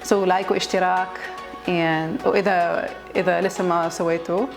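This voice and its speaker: A young woman hosting a reaction video, explaining words in a chatty way with quick asides. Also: on the low side, little pitch movement, vocal fry, music in the background. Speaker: host, Arabic linguist. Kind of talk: reaction commentary.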